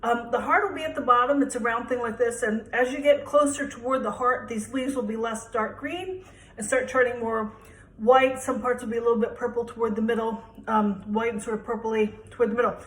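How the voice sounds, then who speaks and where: A young woman with a fairly high voice talks her way through a home cooking demo. Her talk is chatty and rambling, with a self-deprecating streak. The kitchen around her sounds echoey. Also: fairly even intonation, fairly quick. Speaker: home cook vlogger. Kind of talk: casual cooking demonstration.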